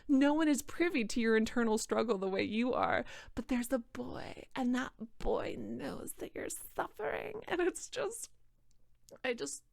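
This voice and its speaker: A woman's voice: fairly high pitch, animated, measured pace, creaky, no echo, clean studio sound. A tipsy young woman reading a book aloud and roasting it, sarcastic and rambling, often restarting her sentences. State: tipsy from wine. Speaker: book reader and commentator.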